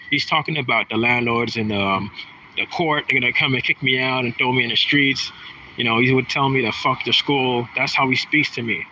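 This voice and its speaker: A man's voice: mid-range voice, moderate pace, bright, forceful tone, a little hiss or hum, rough recording. A man in his thirties talking in a rambling, aggrieved monologue, often restarting his sentences. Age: 30s. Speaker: vlogger. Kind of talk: casual monologue.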